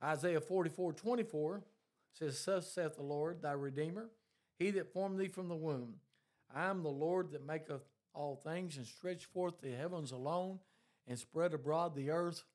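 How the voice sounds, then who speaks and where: A man preaching a sermon, emphatic and quoting long scripture passages in a measured cadence. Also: fairly high pitch, darkish tone. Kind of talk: scripture-based sermon teaching.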